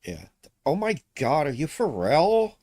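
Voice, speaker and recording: A man's voice: fairly high pitch, wildly swooping pitch, unhurried, a little mellow, dry recording. A man hosting a casual reaction stream, blunt and wisecracking with plenty of swearing. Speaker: streamer host.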